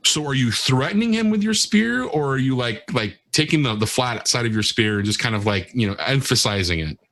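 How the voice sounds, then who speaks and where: A man narrating as game master for a tabletop game, halting, with many fillers and restarts. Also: mid-range voice, expressive, fairly bright tone, no echo.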